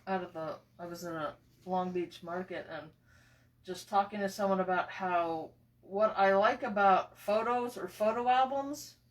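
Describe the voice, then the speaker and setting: A woman leads an easygoing interview, eager and quick to chime in. Her voice sits at a middle pitch and is slightly muffled by a face mask. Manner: chatty and eager, full of interjections. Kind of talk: casual interview chat.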